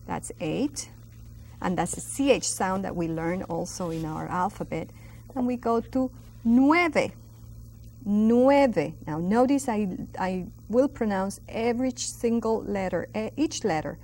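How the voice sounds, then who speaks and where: A woman teaches a class its numbers, taking her time over every word. Her voice sits a little high, and she draws out each sound with careful, exaggerated pronunciation. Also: animated, darkish tone. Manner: patient, drawn-out, exaggerated pronunciation modeling. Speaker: Spanish teacher. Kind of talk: instructional lesson.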